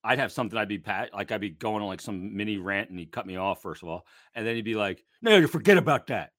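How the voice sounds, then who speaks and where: A man co-hosting a casual sports podcast, telling animated stories and laughing often. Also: fairly low pitch, quick pace, no echo, studio quality. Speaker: podcast co-host.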